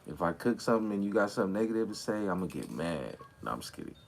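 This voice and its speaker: A man hosting a relaxed livestream chat, talking in a slangy, drawling way while high. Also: racing, creaky, a little hiss or hum. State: high from smoking. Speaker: livestream host. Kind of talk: casual chat with live chat viewers. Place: outdoors or near an open back door, windy. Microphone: phone.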